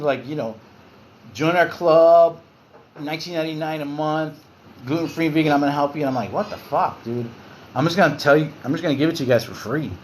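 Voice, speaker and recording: A man's voice: on the high side, slight background noise. A man in his forties hosting a casual livestream, loose and candid, swearing and reading out viewer comments. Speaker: livestream host.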